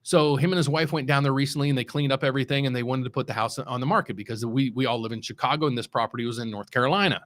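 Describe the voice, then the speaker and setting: He talks rapid-fire with few pauses, his mid-range voice fairly bright. A middle-aged West Virginian, he's a mortgage loan officer hosting his show and riffing on the market, unscripted and casual. His speech meanders, with lots of restarts and heavy stress on key words.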